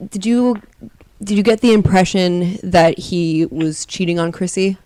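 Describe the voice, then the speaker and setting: A woman's voice: fairly low pitch, steady tone, slow, mellow, dry recording. A woman co-hosting an interview podcast, speaking earnestly and reacting openly with disgust at what she hears. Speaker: podcast co-host.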